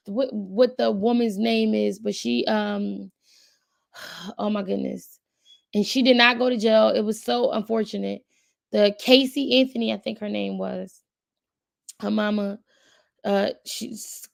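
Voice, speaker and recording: A woman with a fairly high, gravelly, slightly mellow voice hosts a casual video with no echo. She browses the web and reads pages aloud to her viewers, thinking out loud and filling pauses often.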